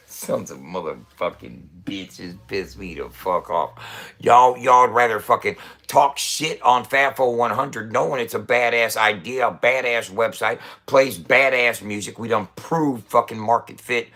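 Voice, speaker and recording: Low-voiced cursing man, coughing rant. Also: sharp tone. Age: middle-aged. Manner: frequent swearing and coughing. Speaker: website founder ranting to camera. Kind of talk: casual profane rant.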